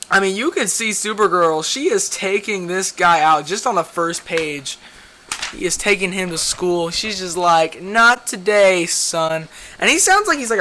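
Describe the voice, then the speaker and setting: A young man with a high, sharp voice chats his way through a pile of comics. He rambles and stumbles, corrects his own words, and keeps dragging himself back to the point. A faint room hum sits behind him. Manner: rambling, loses his train of thought and self-corrects. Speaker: comic book vlogger. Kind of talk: casual rambling video commentary.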